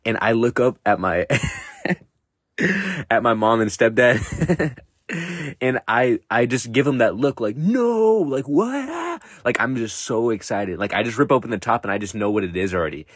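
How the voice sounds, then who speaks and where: A man's voice: medium pitch, expressive, normal speed, fairly bright tone, husky, dry recording, clean studio sound. A young man hosting his own podcast, telling a story in a loose, rambling way, laughing often and swearing freely. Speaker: podcast host. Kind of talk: casual solo podcast chat.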